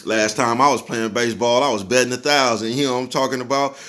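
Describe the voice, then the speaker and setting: A man's voice: medium pitch, fairly even intonation, fast, a bit bright. Male vlogger, casual motivational rant, easygoing and salty, laughs between lines. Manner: laid-back, chuckles often, keeps asking "you know what I'm talking about?"; profane, preachy street talk.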